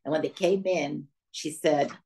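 A woman's voice: low voice, unhurried, creaky, warm tone, a little hiss or hum, rough recording. An older woman giving a talk to an audience, telling a family story and acting out the voices of the people in it. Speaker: guest speaker.

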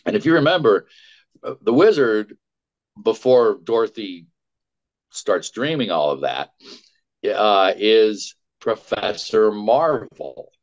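A man with a fairly low voice tells showbiz stories in a chatty, animated way, full of quick asides. He is a voice actor speaking as a guest. The sound is dull and lo-fi. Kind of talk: casual storytelling.

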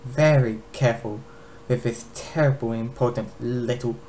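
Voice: medium pitch, fairly even intonation, moderate pace, warm tone, lightly acted, low-quality recording. Reader doing a sneering female dragon villain. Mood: taunting. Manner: taunting, theatrical. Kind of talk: amateur dramatic reading. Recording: faint background noise.

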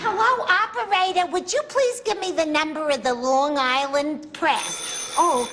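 A very high, shrill New housewife, slow and dithering, with a lively sing-song voice. She stumbles through every sentence in a sweet, flustered way. The sitcom tape is noisy and full of loud audience laughter. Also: a loud crowd. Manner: shrill, halting and scatterbrained. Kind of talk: 1970s sitcom acting.

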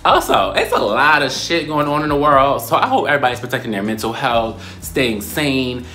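A young man in a casual vlog, talking in a playful, slangy way and often breaking into high squeals. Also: lively intonation, moderate pace, pushed and bright. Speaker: YouTuber.

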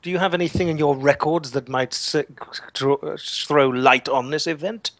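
A man's voice: a little high, normal speed, fairly bright tone, no room sound. A man taking part as a player, making formal, wordy requests. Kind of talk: casual in-character tabletop play.

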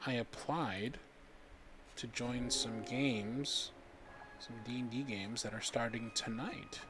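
A man's voice: mid-range voice, slow, over loud music. A man casually commenting on his gameplay, joking and talking to himself as he plays. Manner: playful, jokey, talks to himself while playing. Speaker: gaming streamer. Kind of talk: casual let's-play commentary.

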